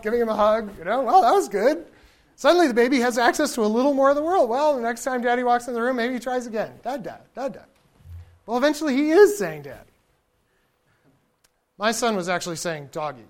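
Man, lecturer, conversational, animated, chuckling, checks in with his audience. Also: very high-pitched, fast. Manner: imitates baby babble to illustrate points.

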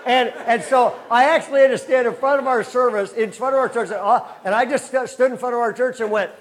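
A man preaching a sermon to his congregation, telling stories with animated bursts and slowing down for earnest, repeated emphasis. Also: very high voice. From Southern California. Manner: animated storytelling with laughter, then slow earnest emphasis. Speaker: pastor. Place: church before a congregation.

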